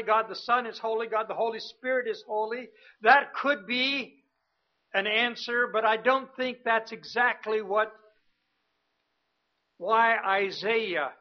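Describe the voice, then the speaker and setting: A man with a strikingly high voice preaches a sermon at an unhurried pace, leaning hard on repeated words as his voice lifts and grows louder. The recording is muffled and lo-fi. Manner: slow, emphatic preaching that rises in pitch and volume on repeated words. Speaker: missionary preacher. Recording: dull, lo-fi sound.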